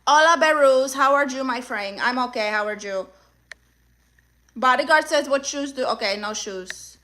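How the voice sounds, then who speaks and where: Sassy high-voiced woman with Spanish-accented English. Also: moderate pace, pushed and bright. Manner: sassy, mock-demanding, greets viewers by name. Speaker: livestream comedian. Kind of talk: livestream chat reading.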